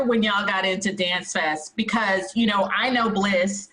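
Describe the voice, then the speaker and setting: A woman co-hosting a casual interview, chatty and animated, laughing easily. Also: medium pitch, a little slow, background noise. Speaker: co-host. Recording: echoey room.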